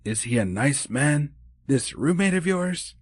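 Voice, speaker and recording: A man voicing Mrs. Claus in an audiobook, a cheerful, encouraging older woman with a brisk manner. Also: fairly high pitch, lively intonation, no echo, clean studio sound, voice pushed up. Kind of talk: audiobook character voice.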